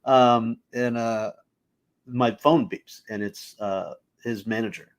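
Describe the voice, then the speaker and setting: A young adult man, a stand-up comedian guest, telling casual anecdotes in an animated way, full of fillers and acted-out quotes. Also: medium pitch, slow. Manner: animated, filler-heavy, acts out quoted voices.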